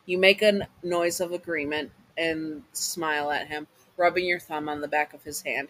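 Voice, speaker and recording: A man reading a fan fiction comfort story aloud in a casual way, halting often to restart and apologize. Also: fairly high pitch, steady tone, a bit bright, a little hiss or hum, low-quality recording.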